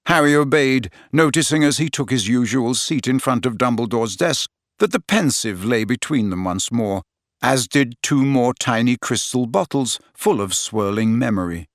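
A man narrating a story in a steady, expressive reading voice on a close microphone. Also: medium pitch, normal speed, no echo. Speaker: audiobook narrator. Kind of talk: scripted narration.

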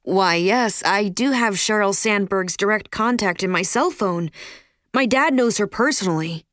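A woman's voice: mid-range voice, unhurried, fairly bright tone, dry recording, close to an everyday voice. A bragging, snobbish rich teen girl who talks down to everyone with smug dismissiveness, as a woman reads her lines. The recording is dry and close.

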